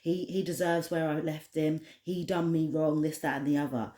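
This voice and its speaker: A woman's voice: sits low, steady tone, normal speed, warm tone, roomy sound, natural voice. A woman voicing a spiteful, gossiping woman who scorns the man she left, in an indignant, scornful way.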